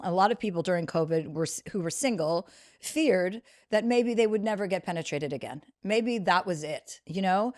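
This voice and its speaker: A woman's voice: fairly low pitch, fairly quick, darkish tone. A woman telling a funny personal story as a podcast guest, frank and crude with self-mocking asides. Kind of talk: storytelling anecdote.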